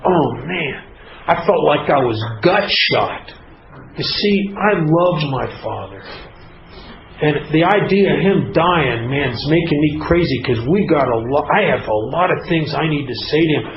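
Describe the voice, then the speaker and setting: A man's voice: on the high side, lively intonation, unhurried, vocal fry. A man telling his own recovery story to a group, in an earnest, confessional way. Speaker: recovery speaker. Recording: echoey, muffled, noisy hall recording.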